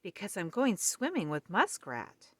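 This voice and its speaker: A woman's voice: mid-range voice, wildly swooping pitch, a little slow, breathy edge, no room sound, heavily acted. A woman voicing a smug male raccoon who brushes off his friend, in a storybook reading. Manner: teasing, dismissive.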